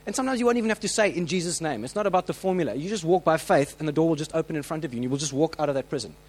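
Fast-talking, animated male preacher. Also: a little high, poor audio. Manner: animated storytelling, acts out quoted voices; many restarts and filler words. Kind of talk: sermon.

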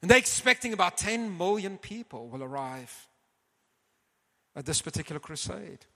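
Guy preaching a story sermon, animated, keeps saying folks, bright voice, big echoey hall. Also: high voice, normal speed. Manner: clears his throat often. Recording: long hall reverb.

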